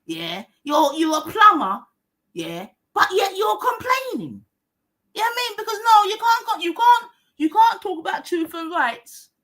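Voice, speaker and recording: A woman hosts a heated livestream rant. Her high voice swoops widely as she mocks her critics in slang and profanity and hammers the same lines over and over. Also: very animated, normal speed, few pauses, fairly bright tone. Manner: combative, mocking, heavy slang and swearing, repeats phrases. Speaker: livestream host.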